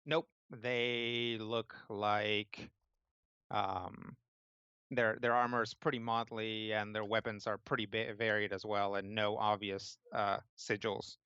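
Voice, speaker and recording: A man runs a tabletop game with a bright, crisp voice. His narration is loose and casual, full of fillers and restarts. The audio is dry and a little dull in the highs. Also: little pitch movement, slow, no echo. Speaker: game master.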